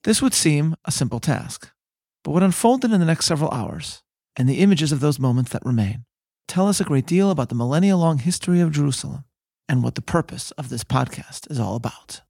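A man hosting a podcast, telling history in measured, scripted narration that slows for emphasis. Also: fairly high pitch, expressive, creaky, mellow, husky, no echo, clean studio sound. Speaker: podcast host.

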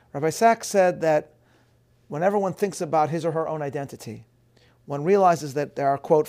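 A man giving a measured, scholarly lecture, reading out quotations and dropping in Hebrew phrases. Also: on the high side, a little mellow. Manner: measured, scholarly, reads quotes aloud. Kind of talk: lecture on film and scripture.

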